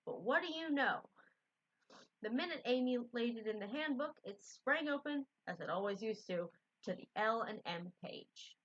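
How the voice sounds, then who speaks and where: Brief: woman storybook reader, gentle and casual, fairly high, bright, dull lo-fi audio. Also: animated, moderate pace. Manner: gentle, unpolished, self-correcting. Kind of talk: reading a children's book aloud. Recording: dull lo-fi recording.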